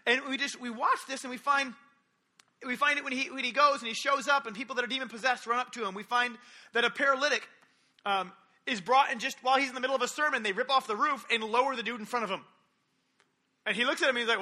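High, bright-voiced animated male preacher. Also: fast talker. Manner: animated storytelling, acting out quotes. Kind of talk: sermon.

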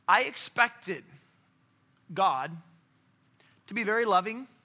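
A man's voice: high voice, animated, slow pace, sharp tone. A man preaching a casual sermon, telling stories and acting out characters, with frequent restarts. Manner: storytelling, acts out characters in quotes.

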